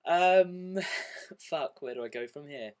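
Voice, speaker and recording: A man's voice: a little high, slow, smooth. Rambling, self-deprecating man. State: unwell and dizzy. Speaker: vlogger. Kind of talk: rambling casual vlog.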